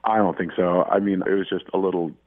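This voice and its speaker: A man's voice: sits low, fairly even intonation, fast, dry recording. A man calling in to a radio show, telling a story in a hesitant, rambling way. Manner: rambling, hesitant, lots of likes. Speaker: caller. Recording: tinny phone line.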